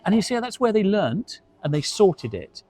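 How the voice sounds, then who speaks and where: A man's voice: high-pitched, very animated, moderate pace, darkish tone. A middle-aged man, co-hosting a casual industry discussion and telling chatty anecdotes, sometimes repeating words as he goes. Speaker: co-host, hospitality industry expert.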